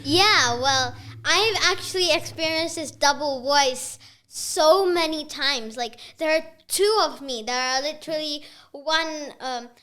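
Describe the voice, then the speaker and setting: A woman's voice: high voice, takes it slowly, pushed and bright. A young girl being interviewed about her podcast, talking earnestly with many fillers. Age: child. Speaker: podcast guest. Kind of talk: casual interview chat.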